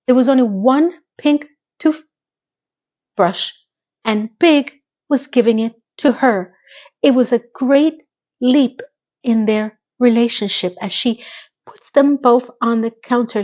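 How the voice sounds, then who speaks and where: A woman's voice: fairly high pitch, darkish tone, muffled recording. A woman giving a casual, chatty recap of a TV episode, with asides and playful impressions. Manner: chatty and conversational, with asides, mock sound effects and impressions of characters.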